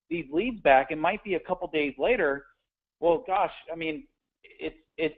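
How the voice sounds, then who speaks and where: Man coaching over tinny phone-like audio. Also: fairly high pitch. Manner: conversational, repeats words when restarting, direct. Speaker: sales trainer. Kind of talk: instructional talk on phone scripts.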